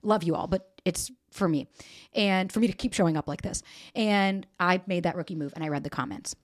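A woman's voice: on the low side, brisk. A woman in her forties hosting a podcast, telling a personal story in candid, emotional chat, swearing freely and acting out quotes. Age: 40s. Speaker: podcast host.

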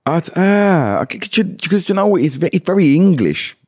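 A man's voice: high-pitched, big pitch swings, brisk, a little mellow. A man in his late thirties, a guest musician chatting casually on a podcast, laid-back and hesitant, with frequent restarts. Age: late 30s.

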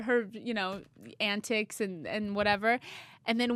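A woman's voice: a little high, moderate pace, a bit bright. A young woman co-hosting a faith podcast, chatting casually, telling stories and laughing often. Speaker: podcast co-host. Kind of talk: casual chat.

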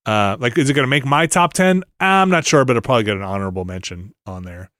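A man's voice: mid-range voice, lively intonation, fast, a bit bright, no echo, clean studio sound. A middle-aged man co-hosting a podcast, chatting casually about video games and rambling through restarts and fillers. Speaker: podcast co-host.

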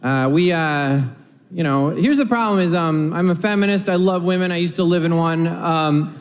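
A man's voice: fairly high pitch, normal speed. A man doing a stand-up comedy set, telling observational stories and acting out voices. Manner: observational storytelling with acted-out voices. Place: comedy club stage. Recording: live club recording with long reverb and faint crowd ambience.

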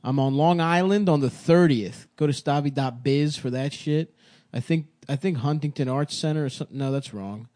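A male comedian hosts a podcast in loose, profane banter and teases his co-hosts. His voice is mellow and warm. The sound is dry and close to the mic. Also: a little high, moderate pace, hardly any pauses, no echo. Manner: crude, profane, teasing. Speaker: stand-up comedian and podcast host.

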